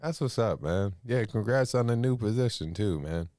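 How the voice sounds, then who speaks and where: A man with a lowish voice hosts a call-in podcast, chatting loosely with plenty of slang. The sound is dry and close, with no room around it. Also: normal speed, no echo. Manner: relaxed, rambling, slangy. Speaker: podcast host. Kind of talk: casual call-in chat.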